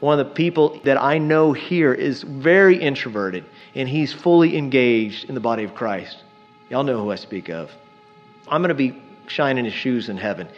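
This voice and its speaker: A male pastor delivers a lively sermon, addressing the congregation directly and telling stories. His voice sits a bit high, and the recording is dull and lo-fi. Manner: animated storytelling, addresses congregation as y'all.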